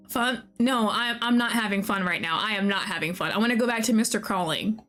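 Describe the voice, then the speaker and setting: A young woman streaming a game, talking to the characters, excitable and often laughing or swearing. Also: mid-range voice, fairly quick, faint music behind. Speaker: VTuber streamer. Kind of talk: casual gameplay commentary.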